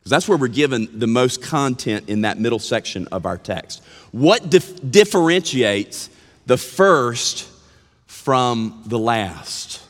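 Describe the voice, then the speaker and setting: A man preaching a sermon, his delivery unhurried and earnest as he leans into key words. His pitch rises and falls expressively, and his voice rings out with a long reverb through a church sanctuary. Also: expressive. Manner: earnest, drawn-out emphatic phrasing; mimics whiny complaints playfully. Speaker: pastor. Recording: long reverb of a large hall.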